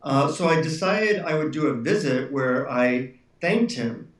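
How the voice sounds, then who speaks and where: A man's voice: mid-range voice, animated, a little slow, recorded from a distance. A middle-aged man, a self-help author being interviewed, telling a personal story in an earnest, reflective way. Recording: roomy, off-mic sound.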